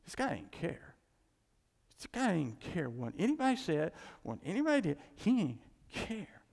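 Gravelly guy preaching in a church, voice jumps all over, long echo. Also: high-pitched, normal speed. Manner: animated preaching, swings from loud cries to quiet asides. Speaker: pastor. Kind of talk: sermon. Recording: long hall reverb.

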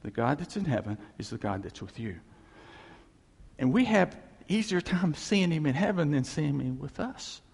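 A man's voice: fairly high pitch, big pitch swings, normal speed, gravelly, darkish tone, slightly rough, long reverb tail. A man preaching a sermon in a conversational, wry way, often speaking God's lines in a casual voice. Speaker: pastor.

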